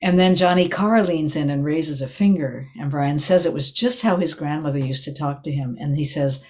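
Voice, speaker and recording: An older woman who teaches meditation gives an evening dharma talk, telling a story in a gentle, reflective way and correcting herself as she goes. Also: low voice, normal speed, hardly any pauses. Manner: meandering storytelling, restarts and self-corrections.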